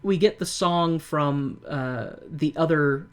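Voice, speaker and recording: Casual podcast co-host, chatty plot recap, rambling and animated. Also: mid-range voice, slow. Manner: animated retelling that acts out characters' lines; loose, rambling delivery with many likes and restarts.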